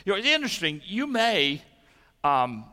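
A middle-aged man preaching a sermon, telling stories gently and then preaching with energy. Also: high voice, big pitch swings, moderate pace. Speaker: pastor. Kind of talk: sermon and children's message. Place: church sanctuary. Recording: echoey church sanctuary.

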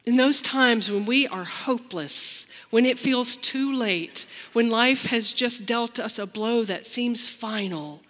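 A woman pastor delivering a slow, reflective sermon, acting out the lines she quotes. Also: a little high, a bit bright, big-room sound.

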